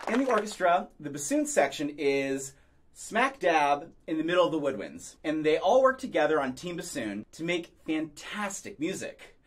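A man hosting a children's music program, leading call-and-response sing-along songs and talking slowly and clearly to young kids. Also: a little high, big pitch swings, slight background noise. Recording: loud music under the voice. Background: guitar music.

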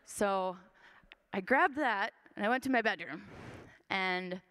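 A woman's voice: medium pitch, takes it slowly, fairly bright tone, smooth. Young woman giving an earnest church testimony. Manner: earnest and conversational, with frequent fillers. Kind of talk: personal testimony storytelling. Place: church sanctuary. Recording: long church hall reverb.

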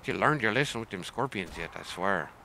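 A man's voice: on the low side, lively intonation, fairly quick, vocal fry, sharp tone, slight background noise. A man chatting through his gameplay in a playful pirate manner, tossing in "arr" and "I swear". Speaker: gaming streamer. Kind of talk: casual gameplay commentary.

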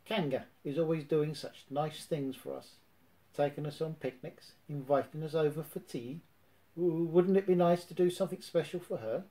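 A man's voice: fairly high pitch, normal speed, dark tone, natural voice. A man reading a storybook, voicing a shy little male piglet who stammers. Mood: timid. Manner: stammering, timid. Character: timid small male piglet, gentle and shy.

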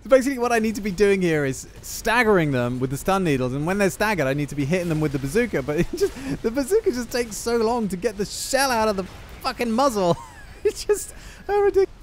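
A man giving jokey, self-mocking gameplay commentary with quick asides. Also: sits high, big pitch swings, a little hiss or hum. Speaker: gaming YouTuber.

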